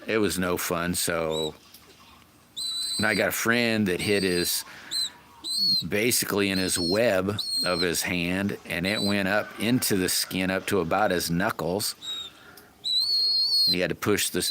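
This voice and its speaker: A man's voice: sits low, a little slow, pauses often. A man hosting a livestream, chatting casually and folksily with viewers and greeting them by name. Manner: rambling and folksy, addresses chat by name. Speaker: livestream host. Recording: loud background noise.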